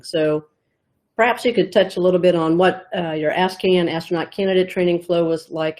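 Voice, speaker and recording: Woman, 60s, low-pitched; reflective storyteller in a conversational interview. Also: a little mellow. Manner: reflective storytelling, laughs easily. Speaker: retired astronaut, interviewer.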